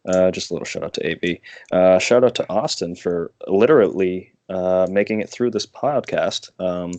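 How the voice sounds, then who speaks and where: A man co-hosting a casual podcast, giving dry, sarcastic shout-outs with hesitations. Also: sits low, moderate pace, dry recording. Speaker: podcast co-host.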